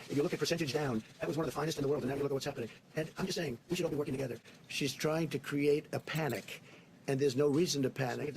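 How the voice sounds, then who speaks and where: A man's voice: a little high, creaky. A man answering reporters in a rambling, boastful way, repeating himself, heard in a noisy press clip. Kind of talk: press remarks.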